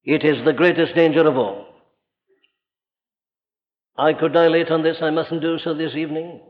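Male preacher, somewhat high-voiced, emphatic sermon delivery, old muffled hall recording. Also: fairly even intonation, normal speed. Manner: emphatic and rhetorical, with sudden rises and drops. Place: church or large hall. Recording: dull lo-fi recording with long hall reverb.

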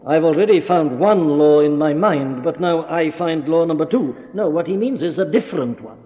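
A man's voice: on the high side, lively intonation, normal speed. Emphatic preacher man in an echoing hall. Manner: emphatic, reasoning aloud with rhetorical questions. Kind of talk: expository sermon. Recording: tinny lo-fi recording with long hall reverb.

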